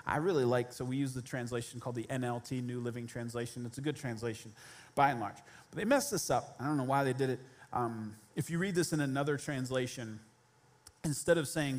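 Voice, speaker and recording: A man in his thirties preaching a sermon as pastor, telling a biblical story in an animated way and acting out its characters. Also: medium pitch, fairly quick.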